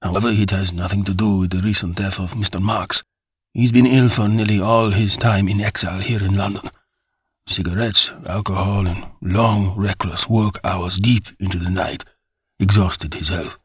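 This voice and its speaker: A man voicing an elderly German theorist with a German accent, speaking formally and with measured humility. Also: deep voice, fairly even intonation, slightly rough, no echo, studio quality. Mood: sober. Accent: German, put on.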